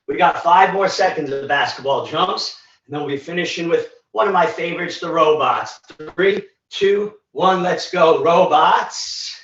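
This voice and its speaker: A man's voice: a little high, moderate pace, fairly bright tone. A man leading a live virtual workout, counting down reps and cueing moves in an encouraging way while out of breath. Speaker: fitness instructor. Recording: echoey, distant, dull livestream audio.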